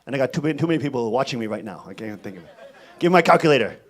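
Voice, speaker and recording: A male pastor delivering a sermon in an emphatic, scolding and animated way. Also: medium pitch, racing, some chatter behind.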